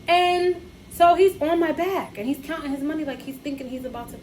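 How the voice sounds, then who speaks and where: Ny woman on a podcast, animated and profane, acts out a whole story, kinda high voice, faint hiss behind. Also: a little fast, rough recording. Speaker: podcast co-host. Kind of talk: casual chat, storytelling.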